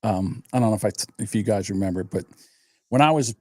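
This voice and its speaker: A man's voice: fairly low pitch, quick pace, a little mellow, no echo, studio quality. A man in his sixties hosting a livestream, telling rambling stories in casual chat and swearing freely. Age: 60s. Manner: profane, rambling storyteller. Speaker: livestream host.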